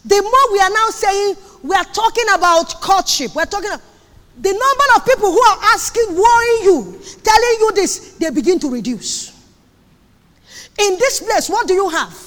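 A woman preaching a sermon on marriage, emphatic and repetitive, sometimes breaking into shouts. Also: extremely high pitch, lively intonation, normal speed. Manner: emphatic, repeats phrases, sudden shouts. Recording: long hall reverb.

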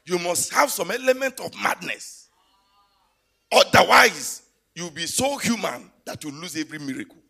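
Man, preaching in church, gravelly, bright tense voice, animated pitch, storytelling with loud bursts. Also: normal speed. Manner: storytelling, rising to loud exclamations. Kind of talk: sermon.

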